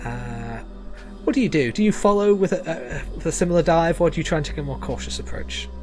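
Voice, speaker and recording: Man, game master, tabletop narration, halting with fillers, animated pitch. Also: soft background music. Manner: halting, full of fillers and chuckles.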